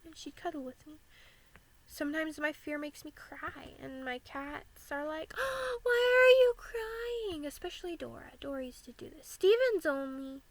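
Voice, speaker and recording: High-voiced candid young woman. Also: normal speed, poor audio. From United States. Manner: candid and earnest, frequent "like" fillers. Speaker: vlogger. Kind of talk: personal talk about living with anxiety.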